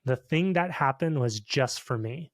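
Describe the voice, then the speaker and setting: A man co-hosting a podcast in relaxed casual chat, often checking in with "okay?" and "dude". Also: mid-range voice, unhurried, dry recording, clean studio sound. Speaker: podcast co-host.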